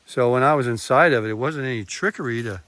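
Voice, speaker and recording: A man's voice: medium pitch, fast, a bit bright, no echo. Older male trail vlogger, chatty and folksy, camera mic outdoors in the woods. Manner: chatty, talks to viewers while walking. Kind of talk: casual hiking vlog. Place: wooded hiking trail outdoors. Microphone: camera mic, no external microphone.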